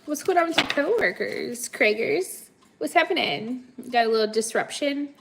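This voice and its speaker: A woman's voice: sits high, lively intonation, normal speed, vocal fry, a bit bright. A woman doing a live tarot reading for her viewers in a chatty, playful way, laughing often and calling them honey and kids. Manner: calls the audience kids, honey, guys. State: sniffly. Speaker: tarot reader.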